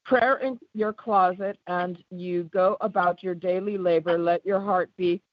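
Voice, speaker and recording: A woman caller reading a devotional passage aloud, halting and stumbling over a few words. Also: on the low side, steady tone, no echo. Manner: halting, with small slips and restarts. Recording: muffled dry phone-call line.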